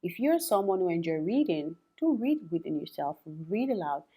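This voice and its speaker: A woman's voice: on the low side, sing-song, moderate pace, dark tone, husky. Chatty woman teaching English pronunciation. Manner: chatty, repeats words for practice, laughs often. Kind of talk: casual spoken lesson.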